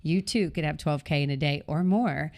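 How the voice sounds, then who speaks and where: A woman's voice: deep voice, normal speed, a little mellow. A woman hosting a live online Q&A, speaking with enthusiastic, coaching energy. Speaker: host and event organizer. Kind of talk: live online Q&A, motivational pitch.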